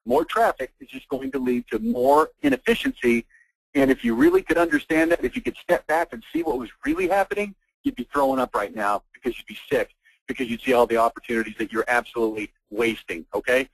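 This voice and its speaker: A man giving a fired-up, blunt sales pitch as host of a marketing webinar on an online call. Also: very animated, quick pace, gravelly, slightly rough, no room sound, rough recording. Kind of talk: persuasive sales presentation.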